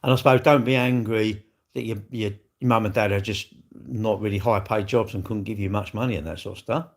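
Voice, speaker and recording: A man's voice: on the low side, fairly even intonation, brisk. An older man hosting a casual livestream, talking bluntly, arguing with commenters and swearing freely. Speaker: livestream host.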